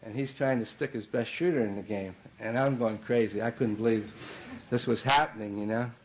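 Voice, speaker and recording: A man's voice: mid-range voice, brisk, slight background noise, low-quality recording. Storytelling male coach at a banquet. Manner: storytelling with many fillers and restarts. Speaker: basketball coach giving a banquet speech. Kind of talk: anecdotal after-dinner speech.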